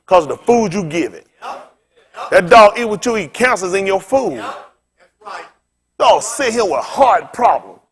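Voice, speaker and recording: High, lively-voiced male pastor preaching. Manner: animated, colloquial, often laughing while telling stories. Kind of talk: sermon with humorous storytelling.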